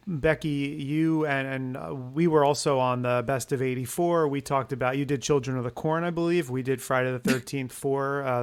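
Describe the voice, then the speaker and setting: A man's voice: mid-range voice, clean tone. Upbeat man hosting a podcast outro. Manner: upbeat, plugs and thanks with fillers. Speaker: podcast host.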